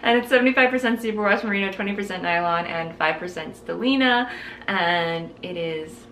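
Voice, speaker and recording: A woman's voice: mid-range voice, a little fast, fairly bright tone, slight background noise. Lady podcast host, bubbly, laughs a lot, roomy echoey sound. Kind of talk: casual chat, showing a yarn haul. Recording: echoey room.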